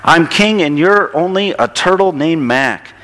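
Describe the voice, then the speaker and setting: A man's voice: a little high, animated, unhurried, a bit bright, voice pushed up, rough recording. A man voicing a boastful, pompous turtle king who barks and bellows his commands while reading a storybook aloud. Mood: bossy.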